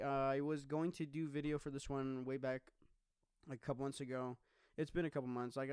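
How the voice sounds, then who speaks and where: A man's voice: mid-range voice, a little mellow, smooth, no room sound, clean studio sound. A man hosting a solo podcast, chatting casually in a rambling, joking way with lots of swearing. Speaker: podcast host.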